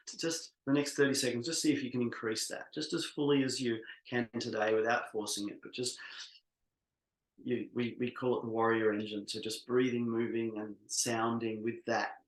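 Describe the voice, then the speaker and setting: A man facilitating an online workshop, leading a slow, soothing guided exercise with many pauses over a video call. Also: medium pitch, gravelly, roomy sound, rough recording.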